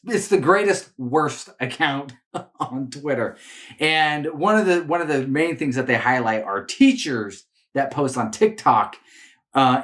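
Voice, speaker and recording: A man's voice: mid-range voice, a bit bright. A man hosting a casual commentary video, talking animatedly with frequent restarts and repeated words. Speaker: political commentary host. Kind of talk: casual opinion commentary to camera.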